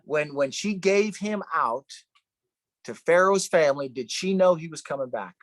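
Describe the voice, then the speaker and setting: A man's voice: on the high side, lively intonation, normal speed, no echo. Middle-aged guy preaching at a bible study, fired up and chatty, dry close sound. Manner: fervent, conversational, repeats himself. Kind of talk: informal sermon.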